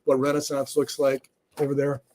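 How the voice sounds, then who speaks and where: A man's voice: medium pitch, monotone, normal speed, a little mellow, a little hiss or hum. A man from Michigan hosting a live webinar interview over a video call, upbeat and effusive with praise. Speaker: host.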